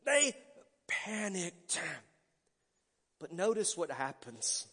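High-voiced, lively preaching man. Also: very slow, husky, in a large hall. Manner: emphatic preaching, dramatic swings from loud to hushed. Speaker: pastor. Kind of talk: sermon.

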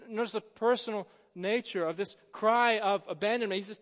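Casting: male pastor, 30s, high tenor, earnest sermon delivery with long hall reverb. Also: normal speed, few pauses. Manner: earnest preaching, rising to emphatic stresses then dropping soft. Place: church sanctuary.

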